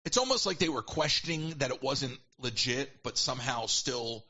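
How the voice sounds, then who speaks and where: A man casually telling a long story as a podcast guest, animated and quick to quote people in put-on voices. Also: medium pitch, dull audio. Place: at home.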